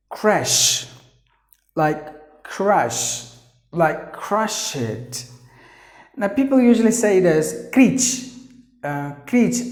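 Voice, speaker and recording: Guy from india teaching pronunciation, says words over and over, slow, echoey room. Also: a little high, a little mellow. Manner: repeats words slowly, stresses sounds, asks "yeah?". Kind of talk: slow, patient pronunciation lesson. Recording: roomy echo.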